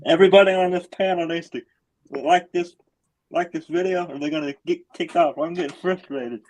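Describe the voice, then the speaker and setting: A man's voice: sits high, steady tone, brisk, rough recording. A man speaking as a guest on a live-stream panel in a casual, emphatic way. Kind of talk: casual chat.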